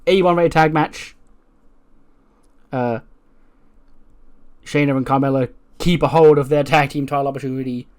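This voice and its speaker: A man's voice: medium pitch, fairly even intonation, moderate pace, long pauses, a little mellow. Man chatting through a game storyline. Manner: chatty, amused, narrates with voiced quotes. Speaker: let's play creator. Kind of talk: casual game commentary retelling a storyline.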